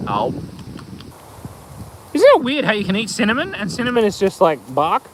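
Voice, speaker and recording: With background noise around him, a middle-aged Australian man streams live from the bush on his phone. Very animated and high-voiced, he speaks at a moderate pace with frequent pauses, rambling playfully, telling jokes and reading out the chat.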